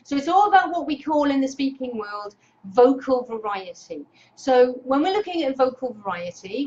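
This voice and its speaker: Energetic woman host coaching on camera; bright, excitable delivery, lo-fi webcam audio. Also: fairly high pitch. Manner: excitable, energetic, greets viewers by name. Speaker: Facebook Live host and speaking coach. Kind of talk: casual live-stream coaching talk. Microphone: webcam clipped on monitor.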